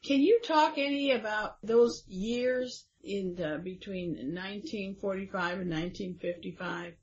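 A woman's voice: medium pitch, a little slow, darkish tone. A woman interviewing a guest, chatty and thinking aloud, with fillers between her thoughts. Her voice sits in a middle range for a woman. The recording sounds a little dull and lo-fi. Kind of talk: conversational interview.

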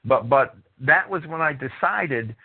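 A man's voice: medium pitch, lively intonation, a little slow, husky. A man hosting a radio call-in show who talks in casual chat and keeps repeating and restarting his words. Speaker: radio talk show host. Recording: tinny phone-line sound.

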